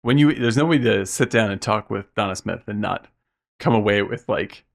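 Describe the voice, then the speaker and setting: A man's voice: on the low side, moderate pace, vocal fry. A man co-hosting a casual film podcast, talking enthusiastically with plenty of fillers. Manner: enthusiastic, lots of likes and yeahs. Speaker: podcast co-host.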